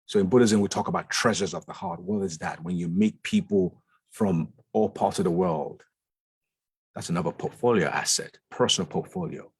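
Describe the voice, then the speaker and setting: Male guest speaker, low husky voice, emphatic and insistent, dry close sound. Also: normal speed, dry recording. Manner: emphatic, repeats words for stress. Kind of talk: conversational talk. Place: lounge.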